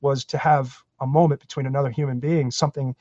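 A man from Florida telling his career story in a podcast interview, animated and self-deprecating. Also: mid-range voice, fast, no echo, muffled recording. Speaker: guest, actor.

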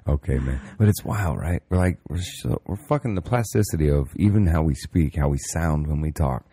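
A man's voice: a bass voice, a little fast, warm tone, husky. A man in casual chat as a podcast co-host, laid-back and swearing freely.

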